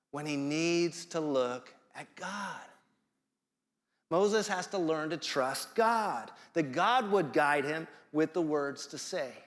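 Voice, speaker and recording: A man's voice: a little high, long reverb tail. A man preaching a sermon in a conversational, playful way, acting out the voices he quotes. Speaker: guest preacher. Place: church sanctuary.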